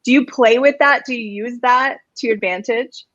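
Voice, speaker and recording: An enthusiastic woman hosts a casual chat, bubbly and quick to laugh, her voice a bit high. The sound is dry and muffled, with little room and dulled highs. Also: a bit bright, no echo. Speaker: host.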